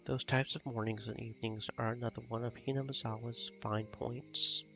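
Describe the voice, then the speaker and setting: A man's voice: medium pitch, flat delivery, normal speed, sharp tone, faint music behind. A man reading as a polite young doctor. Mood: kind.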